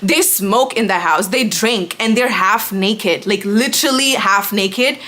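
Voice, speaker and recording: A young woman vlogger telling a storytime rant, animated and sarcastic, with lots of fillers. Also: medium pitch. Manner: animated, exasperated, sarcastic, talks fast with lots of 'like'.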